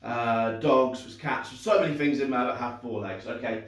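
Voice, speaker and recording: A young man with a mid-range voice at normal speed runs a live-streamed magic show for kids from an indoor room. He's upbeat and chatty, pokes fun at himself, and uses lots of fillers and restarts, while the recording is very echoey and far from the mic.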